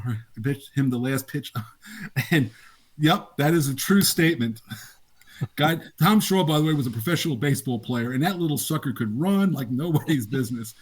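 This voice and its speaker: An older man, a game designer, casually telling laughing anecdotes in an interview. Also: medium pitch. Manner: animated, laughing anecdotes with acted quotes.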